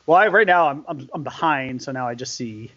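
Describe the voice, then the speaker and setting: A man co-hosting a casual live stream, excitable and quick to laugh, often trailing off mid-sentence. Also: medium pitch, no echo. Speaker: co-host of a live stream show. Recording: dull, lo-fi stream audio.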